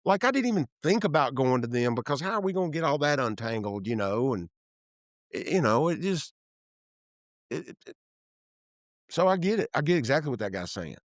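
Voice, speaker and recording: A Tennessee man in his fifties, a real estate developer guesting on an interview, tells candid stories from an office room, acting out the people he quotes and often trailing off before restarting. His mid-range voice moves fairly quickly with long pauses. The recording is clean studio sound with no room sound.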